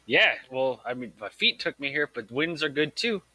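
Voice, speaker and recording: A man's voice: medium pitch, expressive, moderate pace, bright, forceful tone, no room sound, poor audio. A man playing a tabletop game in a breezy, laid-back way. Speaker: player. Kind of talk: tabletop role-play.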